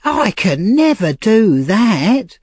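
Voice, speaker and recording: A male narrator voicing a frightened, troubled young woman in a high, slow, pleading voice for an audiobook. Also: very animated, darkish tone, husky, no echo, exaggerated voice. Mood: fearful pleading. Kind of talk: audiobook character reading.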